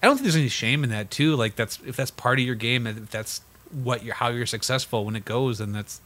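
A man's voice: mid-range voice, brisk, fairly bright tone. A young man co-hosting a casual sports podcast, rambling and restarting his sentences, swearing freely. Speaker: podcast co-host.

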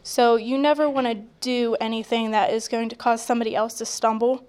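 A woman reads scripture verses aloud and then explains them in a relaxed, measured way. Her voice is smooth and clear, set a little high, with little rise and fall. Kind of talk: casual chat, reading scripture.

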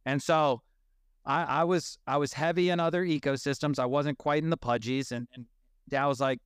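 A man's voice: mid-range voice, steady tone, normal speed, clear, resonant tone, no echo, studio quality. A man in his thirties hosting a casual audio chat, telling stories animatedly and swearing freely. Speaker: host.

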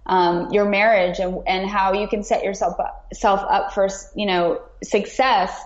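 A woman's voice: mid-range voice, fairly even intonation, unhurried. Earnest woman guest in a roomy echo. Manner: earnest, encouraging. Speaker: podcast guest. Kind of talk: casual podcast chat. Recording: roomy, dull remote audio.

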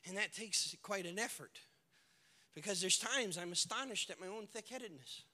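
A man's voice: high-pitched, expressive, normal speed, pushed and bright. A male pastor preaching a sermon, telling the story in an impassioned, colloquial way. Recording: long reverb of a large hall.

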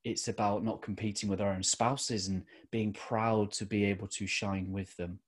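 A middle-aged man giving an earnest motivational talk as a podcast host, slowing down to stress key phrases. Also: lowish voice, little pitch movement, slightly rough.

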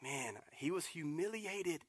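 A man, a lead pastor, preaching a sermon in a casual, animated way with acted-out asides. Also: fairly high pitch, slow pace, slightly rough, dry recording.

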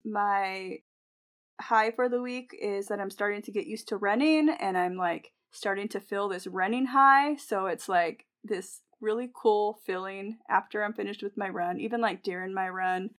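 A woman's voice: mid-range voice, moderate pace, fairly bright tone. A young adult woman co-hosting a casual podcast, telling stories in a chatty way, acting out quotes and laughing often. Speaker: podcast co-host, nurse.

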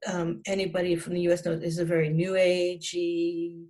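A woman's voice: fairly low pitch, level tone, normal speed, dark tone. A woman in her sixties, a psychotherapist, telling a personal story as an interview guest in an earnest, emphatic way, often restarting and dropping her voice at grim moments.

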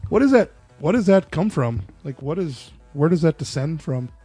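A man hosting a casual podcast, his voice sitting a little high. He jokes, teases and swears freely in loose banter. The sound is close and dry, with no room around it. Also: big pitch swings, moderate pace, dark tone, breathy edge, no echo, soft background music. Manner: joking, teasing, swears freely. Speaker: podcast host.

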